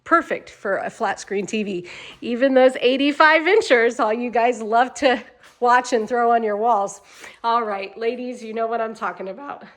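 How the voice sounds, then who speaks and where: A woman's voice: a little high, normal speed. A woman hosting a walkthrough tour inside a manufactured home, chatty and upbeat as she talks straight to viewers, tired at the end of a long day. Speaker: home sales host giving a tour.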